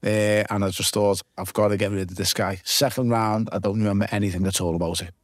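Guest: low-voiced man with a Liverpool accent, vivid swearing storyteller, dry close sound. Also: flat delivery, quick pace, no room sound. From Liverpool, England. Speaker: guest, former boxer. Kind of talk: casual podcast interview.

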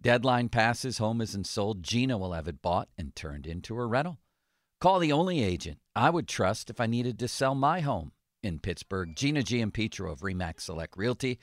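A man hosting a sports radio talk show, chatting casually with jokes and reading ads in a relaxed, conversational way. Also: lowish voice, normal speed, no room sound, studio quality.

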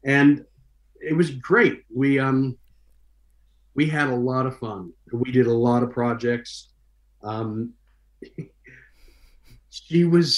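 Chatty man in an echoey room. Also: mid-range voice. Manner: animated, acts out quoted dialogue in different voices. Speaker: guest recalling his career. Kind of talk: casual storytelling.

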